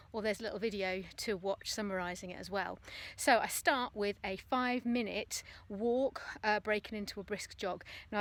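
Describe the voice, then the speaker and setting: A woman recording a casual fitness vlog outdoors on her phone, chatting practically while she demonstrates a running warm-up. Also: medium pitch, rough recording. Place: outdoors on a path. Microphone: phone propped on a ledge.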